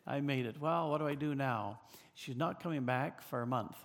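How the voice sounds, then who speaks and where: An older man from British Columbia, Canada, telling a personal story in a halting way with many fillers and restarts. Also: mid-range voice, in a large hall.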